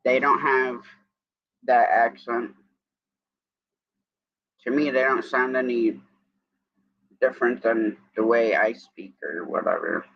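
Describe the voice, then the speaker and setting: Man, upstate New York accent, live-stream host, rambling chatty manner, unhurried, muffled lo-fi sound. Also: mid-range voice, no room sound. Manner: rambling and chatty, greeting viewers between stories. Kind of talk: casual morning live-stream chat.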